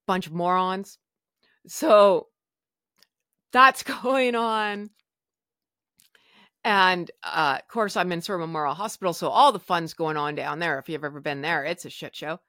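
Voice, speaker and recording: A young woman telling a personal story in a casual, animated way, acting out her own past words and swearing now and then. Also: lowish voice, measured pace, long pauses, dry recording, clean studio sound. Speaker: podcast guest sharing her story.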